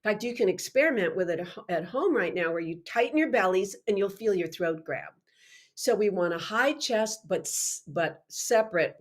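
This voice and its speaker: A woman teaching singing technique in a live online workshop, chatty and animated with frequent restarts. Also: mid-range voice, normal speed.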